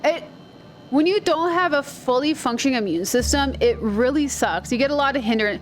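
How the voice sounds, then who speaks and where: A woman with a high, animated voice plays a video game and tells stories in a chatty, rambling let's-play commentary. She speaks at a moderate pace over soft background music.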